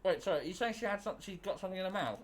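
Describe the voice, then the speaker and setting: A man streaming and telling a story over voice chat, animated and swearing freely, talking into a headset. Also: high-pitched, rapid-fire. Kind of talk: casual voice-chat banter.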